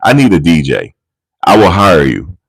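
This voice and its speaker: A man's voice: low-pitched, sing-song, moderate pace, vocal fry, heavily acted. A man putting on the voice of a blunt, impatient rich older man who grumbles and insists on getting his way. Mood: demanding.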